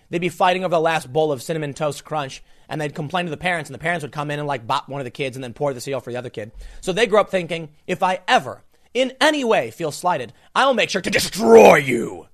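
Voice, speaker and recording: A man delivering a political commentary monologue as a podcast host, incredulous and emphatic, often restarting his sentences. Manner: incredulous and emphatic, with frequent restarts and sharp swings in pitch.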